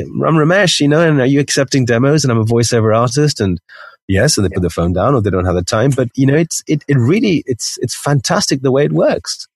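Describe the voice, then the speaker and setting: A man's voice: medium pitch, a little mellow, breathy edge, dry recording. A man who works as a voiceover artist, speaking with a neutral, international English accent, chatting candidly with many restarts. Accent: international English, mixed. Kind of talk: casual panel talk.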